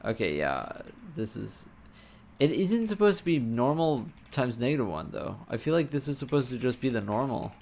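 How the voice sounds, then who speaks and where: A man livestreaming while he codes, muttering to himself, swearing and breaking into excited bursts, with keyboard typing behind him. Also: mid-range voice, normal speed, creaky, slight background noise. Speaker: livestreamer coding a game. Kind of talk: casual live-coding stream talk.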